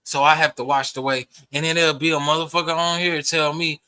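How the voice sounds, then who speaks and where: A man's voice: on the high side, fairly even intonation, quick pace, few pauses, sharp tone, clear, resonant tone, no echo. A young man, ranting profanely to camera in a heated, rambling way. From Texas. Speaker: vlogger. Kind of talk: casual rant to camera.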